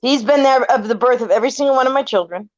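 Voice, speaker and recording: Talking very fast in a high voice, a Californian woman in her forties casually recounts family ghost stories with animated delivery, acting out what people said and swearing freely. The dull lo-fi recording has no echo.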